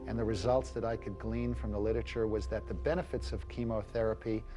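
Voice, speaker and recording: A man speaks in a fairly low voice, recounting events with earnest emphasis. He sounds like he is giving an interview testimonial. Music plays clearly beneath him. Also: fairly even intonation, quick pace, dark tone. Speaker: husband of a cancer patient. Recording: music bed under the voice.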